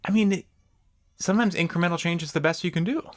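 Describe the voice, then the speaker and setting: A man co-hosting a casual church podcast, talking in halting bursts with many restarts. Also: high-pitched, no room sound, clean studio sound.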